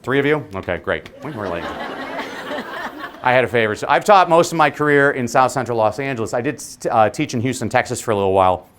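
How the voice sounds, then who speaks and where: Man, keynote speaker; lively, wide-ranging pitch, comic timing, live audience. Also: quick pace, slight background noise. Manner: animated, humorous, punchy. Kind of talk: motivational conference keynote. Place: conference venue before a live audience.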